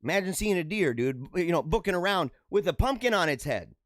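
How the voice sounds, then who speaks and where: High, lively-voiced joking male host. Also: a little fast, no room sound, clean studio sound. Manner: joking, rambling, laughs often. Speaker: show host. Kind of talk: casual news commentary.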